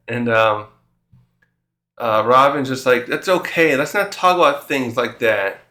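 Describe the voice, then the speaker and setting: A man's voice: medium pitch, moderate pace, pushed and bright, roomy sound. A man hosting a casual chapter review, thinking aloud and retelling the characters' dialogue in his own words. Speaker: manga reviewer and channel host.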